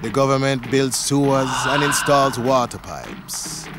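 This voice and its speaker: A man's voice: mid-range voice, a little slow, loud music behind the voice. A man narrating a scripted story in the second person, in a dramatic storytelling manner.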